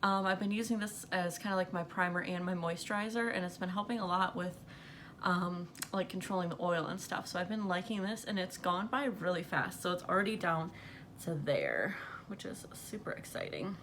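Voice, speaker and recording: A young woman with a slightly low voice talks to her camera in a loose, rambling way, with plenty of fillers and quick laughs. She sounds a little out of breath. Soft room noise hums faintly behind her. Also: expressive. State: out of breath from pregnancy. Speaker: beauty vlogger. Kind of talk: casual makeup chat to camera. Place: bedroom at night under bright light.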